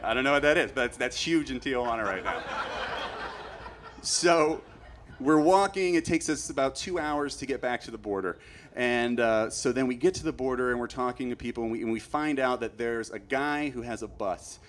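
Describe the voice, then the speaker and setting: A man telling a long comic story on stage, rambling and growing loud and frantic as he acts out his panic. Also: mid-range voice, normal speed. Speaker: stand-up comedian. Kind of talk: stand-up storytelling.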